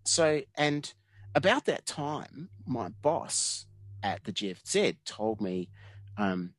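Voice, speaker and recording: A man's voice: mid-range voice, slow, no room sound. A man in his fifties with an Australian accent, a guest in an interview telling stories from his working life. He laughs often and acts out what other people said. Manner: animated, laughs often, acts out quoted dialogue. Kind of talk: casual storytelling interview.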